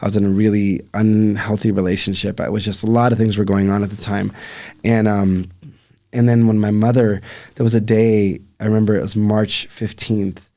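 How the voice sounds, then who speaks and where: A man, a podcast guest and life coach, earnestly recounting a hard personal loss with reflective pauses. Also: on the low side, level tone, warm tone. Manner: earnest, reflective, many fillers. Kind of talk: emotional personal storytelling.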